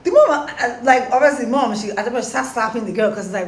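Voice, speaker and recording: A young woman telling a story casually to her followers, animated and slangy. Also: fairly high pitch, fast, slight background noise. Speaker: storytime vlogger. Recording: roomy echo, faint background.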